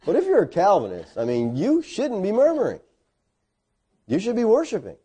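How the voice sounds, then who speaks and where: A middle-aged man preaching a sermon, his voice mellow and a little higher than most men's. He tells stories with folksy asides and self-deprecating humor, and his pitch swings widely as he talks. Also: moderate pace, breathy edge. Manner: animated storytelling with sudden loud, high bursts.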